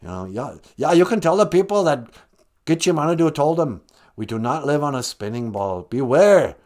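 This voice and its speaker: A man putting on an all-knowing deity who speaks in a lilting put-on brogue and hands out grand, folksy sermons. His pitch swoops widely as he moves from lofty proclamations to homely advice, in an improvised comic skit. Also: big pitch swings, moderate pace, darkish tone. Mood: preachy. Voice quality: lilting put-on brogue, calls her "me daughter". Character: Great Spirit, an all-knowing male deity, gently preachy.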